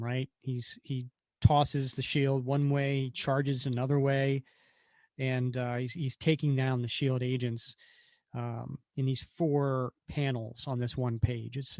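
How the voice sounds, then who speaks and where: A man co-hosting a podcast, walking through a comic page by page in a casual, chatty way. His voice sits at a middle pitch and sounds close and dry. He slips into short bits of acting when he quotes the characters. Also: darkish tone, no room sound. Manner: retells panels acting out the characters' lines. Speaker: podcast co-host. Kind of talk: casual comic book recap.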